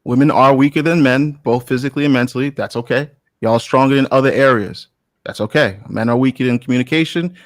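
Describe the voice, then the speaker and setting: A man's voice: mid-range voice, fast talker, dry recording. A man arguing bluntly in a heated debate, teasing and repeating his points.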